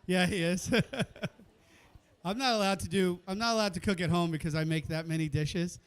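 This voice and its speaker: A man with a high, resonant, clear voice emcees a live cooking competition in an indoor event kitchen, speaking at a normal pace with fairly even intonation. As host, he calls the countdown, jokes with the chefs and the audience, chats freely, and cheers the crowd on.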